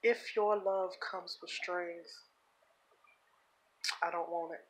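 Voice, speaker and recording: A woman's voice: on the low side, fairly even intonation, poor audio. Earnest woman holding back tears. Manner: earnest and heartfelt, with halting repeats. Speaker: vlogger. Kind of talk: personal confessional vlog.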